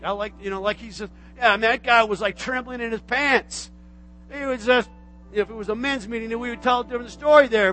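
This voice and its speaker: High-voiced preaching man, loud then hushed. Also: moderate pace, faint music behind. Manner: swings between loud shouted exhortation and hushed intimate speech; repetitive, call-and-response preaching. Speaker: pastor. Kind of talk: sermon.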